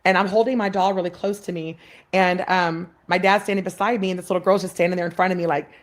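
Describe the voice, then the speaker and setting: A woman's voice: lowish voice, steady tone, fast. A woman in her thirties, a podcast guest, telling a heartfelt personal story with many fillers and restarts.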